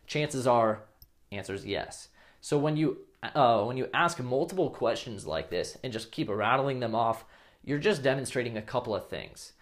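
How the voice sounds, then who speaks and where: A man's voice: mid-range voice, lively intonation, normal speed. A man talks straight to the camera in a casual advice video. He is blunt and coarse at times, and slips into acted example lines as he explains. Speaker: dating coach.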